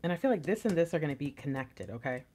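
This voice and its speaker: Lively, chatty woman tarot reader. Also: sits low, slightly rough. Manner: chatty and rambling, giggly, swears casually. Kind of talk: casual intuitive reading to camera.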